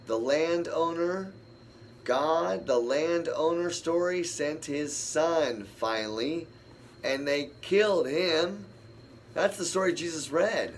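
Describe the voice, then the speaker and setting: A man in the middle of a Bible study talks at an easy, slow pace, wandering from point to point as he thinks aloud. He answers the verses as he reads them, with a faint room hum underneath. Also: a little high. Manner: rambling, thinks aloud and talks back to scripture. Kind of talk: casual Bible study talk.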